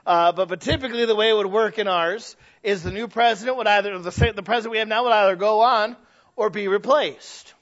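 A man's voice: high voice, fairly quick, fairly bright tone. A man preaching a sermon as pastor, talking in a conversational but emphatic way with frequent restarts. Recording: dull lo-fi sound.

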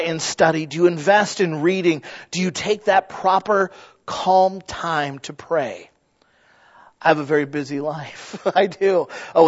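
A middle-aged man preaching a sermon as a pastor, telling stories in a lively way with frequent restarts and asides. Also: high-pitched, muffled recording. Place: church sanctuary.

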